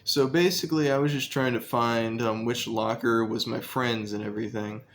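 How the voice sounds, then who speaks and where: A man's voice: medium pitch, steady tone, normal speed, fairly bright tone, slight background noise. A young man casually telling a story about his school days, rambling and profane, with lots of fillers.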